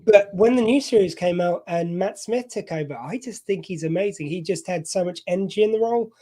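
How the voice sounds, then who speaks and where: A man's voice: sits high, brisk, warm tone. A middle-aged man from southern England, a podcast host, telling a rambling, self-deprecating story in casual chat. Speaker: podcast host being interviewed.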